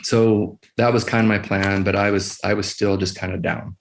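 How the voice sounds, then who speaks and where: A middle-aged man, an emergency physician, telling a personal story as a podcast guest in a quiet, measured way with many pauses. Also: fairly low pitch, flat delivery, vocal fry, slight background noise.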